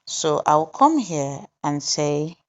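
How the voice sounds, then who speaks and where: A woman with a low voice talks through a tutorial slowly and deliberately, one step at a time. She pauses with small fillers as she goes. The recording sounds slightly dull and lo-fi. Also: big pitch swings. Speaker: tutorial host. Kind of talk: screen-recorded software tutorial narration.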